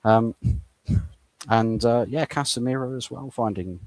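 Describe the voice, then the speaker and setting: A man's voice: medium pitch, measured pace, dry recording. A man giving opinionated football takes in a casual chat, often repeating words as he starts a thought. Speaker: co-host football pundit.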